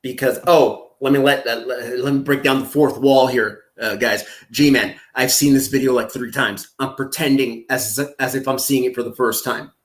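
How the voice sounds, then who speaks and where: A man's voice: medium pitch, fairly even intonation, normal speed, few pauses. A man hosting a profane, comedic reaction video, crude and mocking, full of scattered asides. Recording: echoey room.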